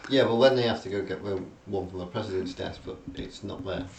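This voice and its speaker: This is a very low-voiced man with a gravelly, creaky edge, chatting loosely about a film and hunting for words as he goes. He sits some way back from the mic in a roomy space. A faint hiss hangs behind him. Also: brisk, a little mellow. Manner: rambling, hesitant, recounting plot with many fillers. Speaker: podcast co-host. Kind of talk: casual film discussion. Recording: roomy, distant mic, faint background noise.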